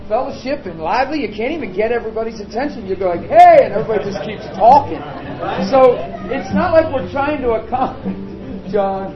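A man's voice: very high voice, lively intonation, brisk, over music. A man preaching an informal sermon to his congregation, chatty and joking with them. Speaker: pastor. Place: meeting room with a congregation. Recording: roomy, dull sound with crowd behind.

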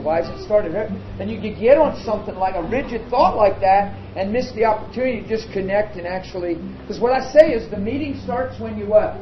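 A man's voice: very high-pitched, background noise. A man preaching an informal sermon to his congregation, chatty and joking with them. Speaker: pastor. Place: meeting room with a congregation. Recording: roomy, dull sound with crowd behind.

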